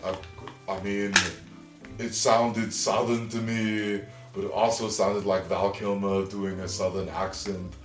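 A man doing improv comedy in a rambling, loose way that now and then jumps to shouting. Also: lowish voice, little pitch movement, a little slow, roomy sound, distant mic, over music. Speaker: improv performer.

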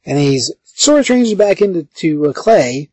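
A man co-hosting a podcast, recapping a comic book in casual, animated talk and jumping in with plot details. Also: fairly high pitch, a little slow, slightly rough, dry recording. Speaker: podcast co-host.

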